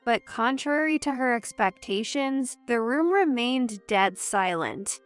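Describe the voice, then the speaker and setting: Slow, clear woman story narrator. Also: fairly high pitch, soft background music. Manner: even, measured storytelling. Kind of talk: first-person story narration.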